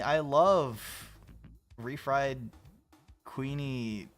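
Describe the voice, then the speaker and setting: A man hosting a livestream in a casual, rambling chat, swearing freely and breaking into loud laughs. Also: a little high, very animated, moderate pace, faint music behind. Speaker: livestream host.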